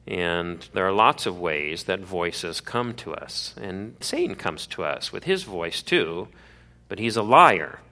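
Bright-voiced man preaching a sermon. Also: sits low, very animated. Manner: earnest, conversational preaching with quick asides. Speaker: pastor.

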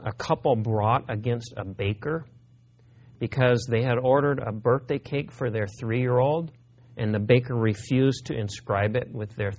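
A man preaching a sermon in a conversational way, asking the congregation questions and slowing down to stress key words. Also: mid-range voice, darkish tone. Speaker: pastor.

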